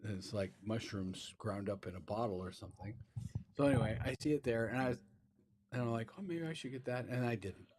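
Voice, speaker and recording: A man's voice: fairly low pitch, steady tone, a little fast, darkish tone, slight background noise. A man co-hosting a podcast in casual chat, rambling through a story with many restarts and fillers. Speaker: podcast co-host.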